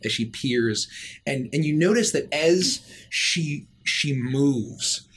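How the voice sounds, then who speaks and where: A man narrating a tabletop game as game master, describing scenes in a relaxed way. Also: mid-range voice, slight background noise.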